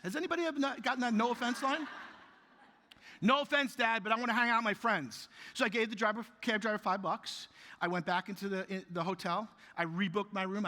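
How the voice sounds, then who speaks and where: A man giving an animated, jokey keynote speech to a conference audience, telling stories and questioning the crowd. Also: high-pitched. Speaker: keynote speaker. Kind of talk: motivational keynote storytelling. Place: large conference hall. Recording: reverberant hall, live speech.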